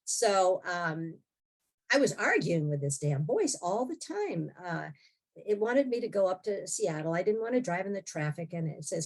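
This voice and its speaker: A woman in her sixties speaks at a normal speed in a lowish, sing-song voice. She's a podcast guest candidly telling her own story, wry and blunt, laughing often.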